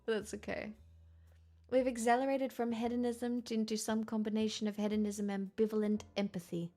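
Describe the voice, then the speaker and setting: A young woman with a fairly high voice chats loosely through a livestream, bantering and laughing as she answers viewers. She sounds worn out. Soft music plays faintly underneath. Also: level tone, fast. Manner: chatty and playful, laughs often. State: very tired. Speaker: livestream host. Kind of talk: casual chat reading viewer messages.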